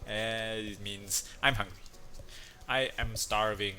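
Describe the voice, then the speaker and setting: A man's voice: fairly low pitch, fairly even intonation, takes it slowly, pushed and bright, a little hiss or hum. A man teaching a casual online lesson, chatty and rambling, with punny asides and lots of fillers.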